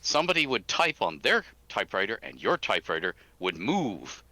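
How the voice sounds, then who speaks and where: An older man tells stories with real energy, his pitch swinging widely as he goes. His tone is bright and forceful. He is a guest designer chatting over a remote call. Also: moderate pace, no echo. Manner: animated anecdotal storyteller, bursts of laughter. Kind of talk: casual storytelling chat.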